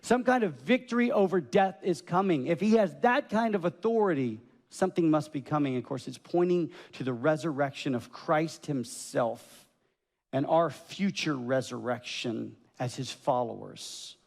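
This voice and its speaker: A man delivering a sermon with lively storytelling, his voice a bit high and gravelly. His voice carries a long reverb from the church hall around him. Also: moderate pace. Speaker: pastor. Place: church sanctuary.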